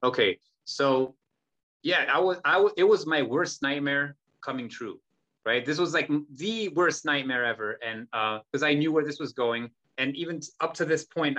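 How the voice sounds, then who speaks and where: A man in casual podcast conversation, talking in an animated, profane way and acting out heated exchanges. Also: mid-range voice, rough recording. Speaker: podcast guest, holistic healer.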